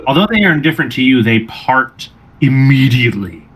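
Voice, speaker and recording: A man runs a tabletop game, narrating in a steady, descriptive way. His voice sits in an ordinary middle pitch. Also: fairly quick, a little hiss or hum. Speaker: game master.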